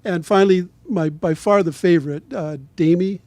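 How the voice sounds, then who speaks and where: A man's voice: sits high, normal speed, dark tone, no room sound. A man interviewing an author at a book event, asking engaged, prompting questions. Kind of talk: conversational interview.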